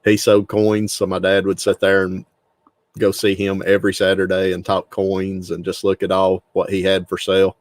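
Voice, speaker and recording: A middle-aged Southern man from Tennessee with a lower voice tells stories in an easygoing way and laughs a lot. The recording is dry. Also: completely flat delivery, normal speed, no echo. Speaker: guest. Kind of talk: casual interview talk.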